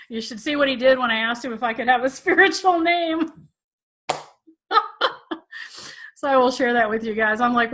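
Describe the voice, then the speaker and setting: A woman's voice: fairly high pitch, fairly bright tone. Chatty self-mocking woman teacher. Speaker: tantra teacher hosting a live Q&A. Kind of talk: casual storytelling to a live audience.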